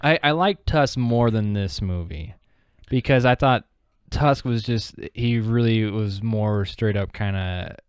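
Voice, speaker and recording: A man co-hosts a podcast, rambling in casual talk with many fillers and false starts. His voice is on the low side, smooth and a little slow, captured dry with clean studio sound.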